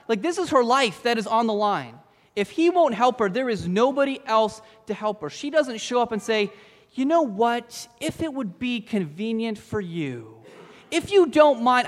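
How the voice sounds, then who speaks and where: A man preaching a sermon, telling a story with lively acted-out lines for its characters. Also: high-pitched, long reverb tail. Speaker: pastor.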